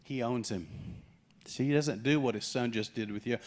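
A middle-aged man preaching a sermon, animated and acting out the voices of the people he quotes. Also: mid-range voice, normal speed. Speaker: pastor.

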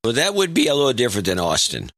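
Bright-voiced man making dry jokes. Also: medium pitch, huge pitch swings, very fast, dry recording. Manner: dry joking, mock accents. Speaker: podcast co-host. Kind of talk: casual chat.

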